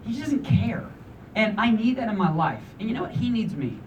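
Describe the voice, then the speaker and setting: Male preacher, 30s, casual and emphatic sermon delivery, high animated pitch, mic at a distance. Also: a little fast, dull audio, slight background noise. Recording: voice from a distance with faint room ambience.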